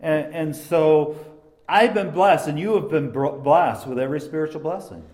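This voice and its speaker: A man teaching an informal sermon from a personal story, animated and halting, swinging between loud emphasis and hushed speech. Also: on the high side, echoey room. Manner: halting, restarts sentences. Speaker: Bible teacher.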